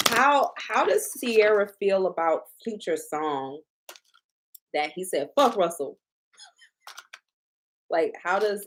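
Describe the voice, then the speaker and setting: A woman talks through a tarot reading in a loose, casual way. Her pitch moves around a lot. She leans on repetition and swearing to make her points hit hard. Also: animated, slow, pauses often, a little hiss or hum. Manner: emphatic, repetitive, profane. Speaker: tarot reader.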